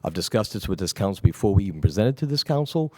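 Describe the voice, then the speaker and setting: Low-voiced ailing man answering council. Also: sing-song, quick pace, dry recording. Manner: rambling, reassuring, trailing off quietly. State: recovering from an illness, weak voice. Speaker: city official answering the council. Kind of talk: council meeting response. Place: council chamber.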